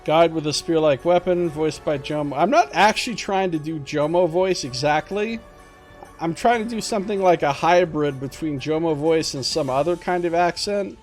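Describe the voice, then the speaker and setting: A man's voice: on the high side, normal speed, faint music behind. A man streaming a gamebook, mixing read-aloud narration with wry, joking commentary.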